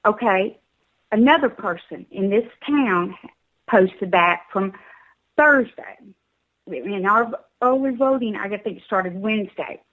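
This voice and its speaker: A woman's voice: mid-range voice, expressive, takes it slowly, a bit bright, poor audio. Emphatic woman with a Southern accent. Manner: emphatic, urging, repeats words.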